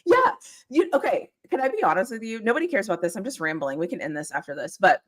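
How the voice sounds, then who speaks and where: A woman's voice: mid-range voice, sing-song, fast. A woman co-hosting a casual football talk stream, rambling and laughing often as she talks over a video call. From Pittsburgh area. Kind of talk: casual chat. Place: home, live stream call.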